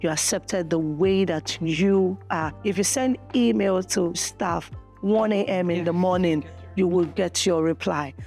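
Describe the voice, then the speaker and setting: Nigerian woman, student teacher, emphatic repetition, lowish voice, faint music behind. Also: unhurried, a little mellow. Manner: emphatic, repeats phrases for effect. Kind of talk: casual interview chat.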